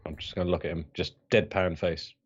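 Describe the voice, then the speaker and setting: Hesitant male tabletop player, lowish voice, muffled lo-fi recording. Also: fairly even intonation, brisk, breathy edge. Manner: hesitant, stammering restarts. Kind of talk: playing a tabletop game.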